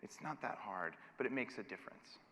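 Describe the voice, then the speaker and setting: A man giving an energetic, emphatic conference keynote with a wry edge, speaking in a large hall. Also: fairly low pitch, fairly quick. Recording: long hall reverb.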